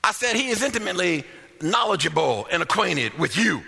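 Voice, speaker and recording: A high, bright male voice preaching a sermon, swooping up and down as he calls for amens. He acts out grumbling voices to make his point, and his words ring out through a hall with a long reverb. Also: big pitch swings, brisk, creaky, breathy edge.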